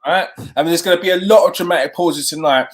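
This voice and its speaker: A man with a slightly high voice talks fast while hosting a live show, lively and chatting with viewers, repeating himself as he goes. A little hiss or hum sits in the background.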